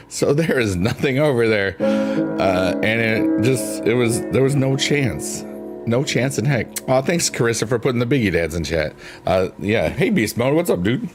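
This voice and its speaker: A man casually chatting with his stream viewers, rambling and laid-back, laughing at himself. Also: mid-range voice. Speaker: livestreamer. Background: soft piano music.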